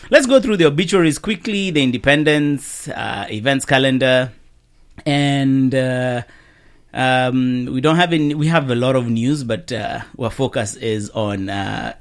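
A man hosting a community radio show, his talk conversational and broken by frequent laughter. The studio sound is dry, with almost no room echo. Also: medium pitch. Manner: conversational, laughs often, fillers.

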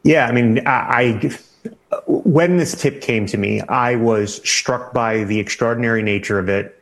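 A man, a national security reporter, answering interview questions in a measured, halting way with many fillers and restarts. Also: medium pitch.

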